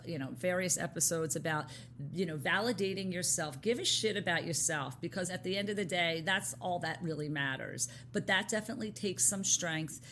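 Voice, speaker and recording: A woman co-hosting a podcast in casual chat, effusive and full of shout-outs to her team. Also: lowish voice, a little hiss or hum. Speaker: podcast co-host.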